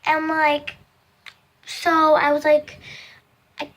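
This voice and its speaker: High-voiced young woman rambling a storytime. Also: monotone, extremely slow. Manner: rambling, filler-heavy storytelling with many "like"s; acts out quoted voices in sudden loud, high bursts. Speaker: vlogger. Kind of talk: casual storytime chat.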